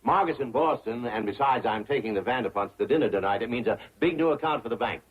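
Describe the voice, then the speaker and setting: An actor playing a fussy, pompous middle-aged banker who sputters when flustered, in a muffled old sitcom recording. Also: male voice, mid-range voice, quick pace, breathy edge, natural voice. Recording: dull, muffled old TV sound.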